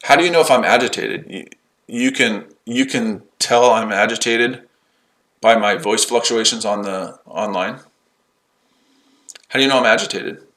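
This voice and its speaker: Combative trading streamer, lowish forceful voice, mocking and sweary toward chat. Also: male voice, normal speed, pauses often, poor audio. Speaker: day-trading livestream host. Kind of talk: live-stream chat answering viewers. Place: his shed.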